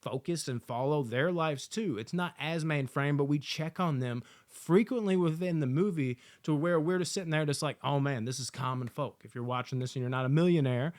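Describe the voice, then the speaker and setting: A man giving a casual, excited movie review, swearing often and acting out lines from the film. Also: fairly high pitch, normal speed, few pauses. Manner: excited, profane, acts out quotes.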